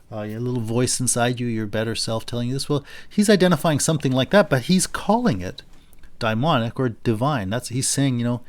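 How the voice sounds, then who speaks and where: A male philosophy lecturer giving an unscripted university lecture, thinking aloud and paraphrasing a text in a lively quoting voice. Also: mid-range voice. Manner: thinking aloud, with frequent restarts and fillers.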